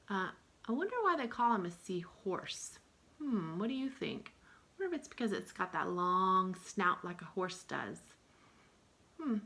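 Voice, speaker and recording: Woman, young-adult teacher of early learners; bright tone, sing-song delivery with drawn-out sounds. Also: medium pitch. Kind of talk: early-years lesson.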